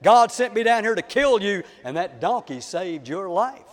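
A man's voice: high voice, very animated, moderate pace, in a large hall, pitched above the performer's own voice. A man voicing a stern, commanding angel carrying a sword.

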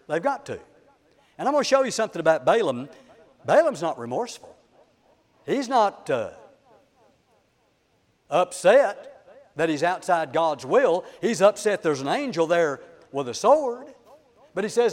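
A man's voice: fairly high pitch, very animated, moderate pace, a little mellow, in a large hall. A man preaching a sermon, telling a story in a dramatic, folksy way to the congregation.

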